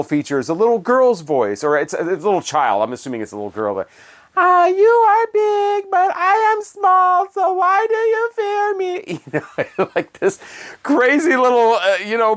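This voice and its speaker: Rambling man chatting about old records. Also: fairly high pitch. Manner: rambling, self-correcting, jokey. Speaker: music reviewer. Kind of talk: casual album review chat.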